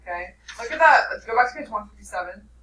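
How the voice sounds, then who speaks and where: A woman's voice: a little high, lively intonation, quick pace. A woman teacher reading a novel aloud to her class, breaking off now and then to question her students. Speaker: English teacher. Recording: echoey classroom from far off, loud noise.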